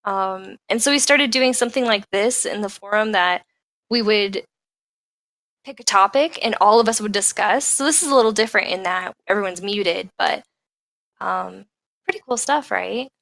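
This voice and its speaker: A woman's voice: medium pitch, normal speed, creaky, a bit bright, no room sound. A woman hosting a casual online radio chat, joking and rambling with frequent giggles. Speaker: radio show host.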